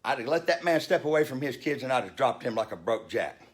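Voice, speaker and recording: A man's voice: medium pitch, lively intonation, fast. A man in his fifties telling a story in a heated rant, blunt and profane. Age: 50s. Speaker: vlogger.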